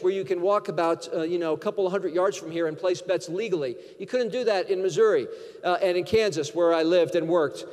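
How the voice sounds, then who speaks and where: A man from Connecticut delivers a keynote in a lively, anecdotal way, acting out bits of dialogue as he goes. His voice sits high for a man. The sound carries a long reverb from a large conference hall. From Connecticut, USA. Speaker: keynote speaker. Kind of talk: storytelling keynote speech.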